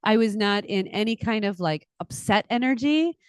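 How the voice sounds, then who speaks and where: A middle-aged woman, an astrologer and podcast co-host, chatting casually and telling stories in an animated way, laughing often. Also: medium pitch, normal speed, clean tone, dry recording, clean studio sound. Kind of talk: casual chat.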